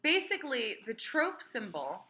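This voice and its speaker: Brief: female cantor leading a class, unhurried delivery, bright tone, sings short examples. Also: a little high, wildly swooping pitch. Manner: chatty and encouraging, often asks "right?", sings trope phrases slowly. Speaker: cantor teaching Torah reading. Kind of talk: informal small-group class.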